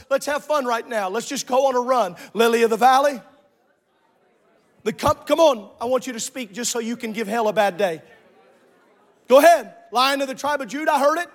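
A man preaching a sermon as a pastor, calling out to the congregation and shouting at the peaks. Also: very high-pitched, normal speed.

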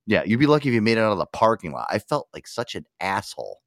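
A man's voice: on the low side, big pitch swings, fast, no room sound, studio quality. A man hosting a podcast, telling stories in casual, profane banter and laughing often. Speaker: podcast host.

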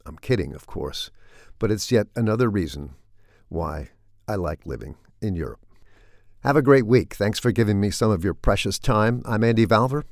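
Dry, gravelly man, deadpan. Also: lowish voice, normal speed, dry recording. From United States. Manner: dry, wry delivery with deadpan jokes. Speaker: commentator hosting a weekly segment. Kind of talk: scripted comic commentary.

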